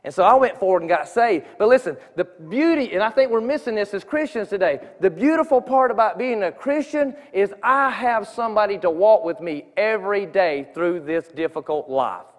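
A man with a high-sitting voice and lively intonation speaks at a moderate pace with few pauses, giving a sincere, conversational testimony in a church sanctuary. He often restarts sentences in this informal sermon, and the hall adds a long reverb.

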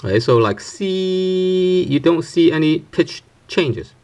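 A man's voice: lively intonation, a little slow, darkish tone. Man teaching with "right?" checks. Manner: explains with many fillers and restarts, keeps asking "right?"; says example syllables aloud to show each pitch. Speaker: language teacher. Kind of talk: unscripted spoken lesson.

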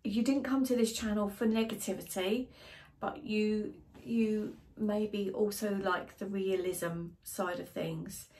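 Emotional British woman vlogger, mid-pitched, halting and hesitant, openly sad. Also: steady tone, a little mellow. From Britain. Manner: hesitant, halting, many restarts and fillers. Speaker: wellbeing vlogger. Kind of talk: casual emotional vlog to camera.

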